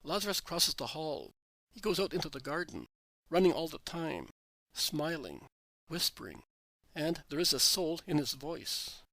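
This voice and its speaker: A man reading religious narration in an even, measured way. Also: fairly high pitch, creaky, no echo, low-quality recording. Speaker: reader.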